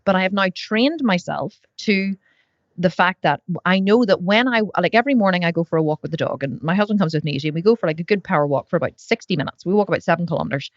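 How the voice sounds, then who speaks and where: A woman's voice: lowish voice, expressive, quick pace, no echo, dull audio. A woman hosting a podcast, talking casually and bluntly, swearing freely and acting out other people's voices, sitting in bed at home. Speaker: podcast host. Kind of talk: casual conversation.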